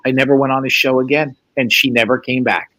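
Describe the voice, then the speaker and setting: A man's voice: mid-range voice, quick pace. A man hosting a show, telling a profane story casually and acting out the quotes. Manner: profane, animated, acts out quotes. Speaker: host.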